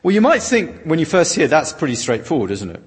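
Husky male preacher in a reverberant hall. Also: a little high, fairly quick. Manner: expressive, with dramatic readings of quotations. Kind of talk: sermon with interpretation. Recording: long reverb of a large hall.

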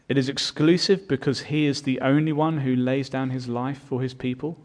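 A man's voice: medium pitch, moderate pace, hardly any pauses, a little mellow. A man preaching a sermon as pastor, earnest and building in volume on his key points.

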